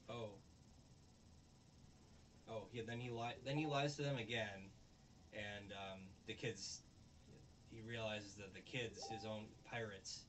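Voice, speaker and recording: A man with a fairly low voice rambles through a recap of a show. He is loose and profane and acts out bits of dialogue. Faint hiss sits behind him. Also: steady tone, takes it slowly, pauses often, a bit bright. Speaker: show reviewer and host.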